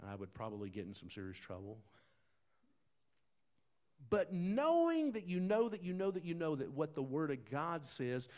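A man preaching a sermon in a folksy, conversational way, talking straight to the congregation, dropping to quiet asides and rising to loud, emphatic bursts. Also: on the high side, sing-song, moderate pace. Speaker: pastor.

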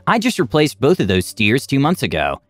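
Man voicing a bullying trucking boss, gruff, cursing, threatening, lively pitch. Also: a little fast, dry recording. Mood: angry.

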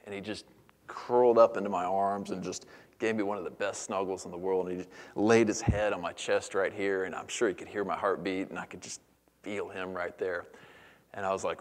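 A man in his thirties preaches from the pulpit in a somewhat low voice. His delivery is earnest, dropping to hushed near-whispers and rising again into lively storytelling. The sound carries the long reverb of a large church hall. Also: a little fast. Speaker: pastor. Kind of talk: sermon.

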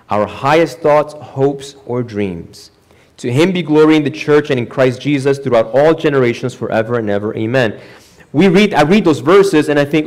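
A man who is the pastor, preaching a sermon in a church with lively acted-out quotes and sudden jumps in pitch and volume. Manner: animated preaching, acts out quoted voices with big pitch jumps.

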